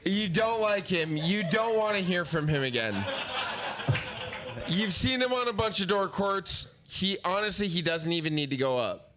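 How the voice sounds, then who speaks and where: A man's voice: sits high, expressive, normal speed, a bit bright. A man hosting a live comedy show, introducing the comedians with chatty, joking banter.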